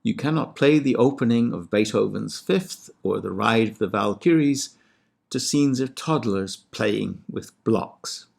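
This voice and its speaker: A man, a classics scholar, giving a measured and precise lecture on ancient poetry with a lightly wry touch. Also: lowish voice, animated, creaky, a little mellow. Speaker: classics scholar and podcast host. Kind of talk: scripted lecture with recited Greek verse.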